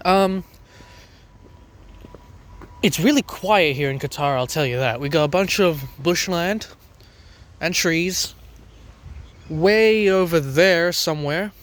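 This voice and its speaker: A man's voice: a little high, measured pace, fairly bright tone. A young Australian man vlogging about trains, rambling outdoors on a station platform with fillers and restarts, a lozenge in his mouth. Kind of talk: casual walking commentary.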